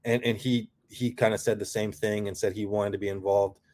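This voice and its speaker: A man's voice: lowish voice, little pitch movement, fairly quick, darkish tone. A middle-aged man, a guest in a casual interview, telling a long story in a rambling way, with many restarts and "you know" fillers. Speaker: guest, product founder.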